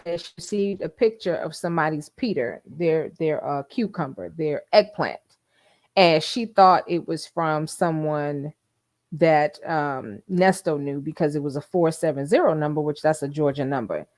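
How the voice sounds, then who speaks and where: A woman's voice: deep voice, normal speed, a little mellow, dry recording, studio quality. An older woman hosting a casual livestream, chatting and gossiping with frequent laughs. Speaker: YouTube host.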